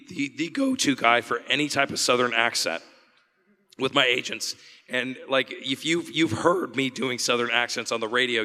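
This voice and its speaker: A chatty man talks easily with his audience on a convention panel, laughing often and circling back mid-sentence. His voice is bright and forward. A long hall reverb hangs behind him. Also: mid-range voice. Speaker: voice actor panel guest.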